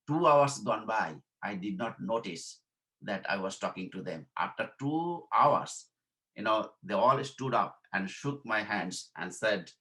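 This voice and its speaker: Speaking a little slowly in a fairly low, expressive voice, this Bangladeshi man leads an informal workshop lesson over poor audio. He says things more than once, checks understanding with "okay?", and softens his voice when acting out quoted lines.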